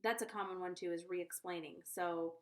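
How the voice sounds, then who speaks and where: A woman's voice: fairly low pitch, fairly even intonation, moderate pace. A woman giving parenting advice in a casual vlog, chatty and earnest, often checking in with the viewer. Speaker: conscious parenting coach.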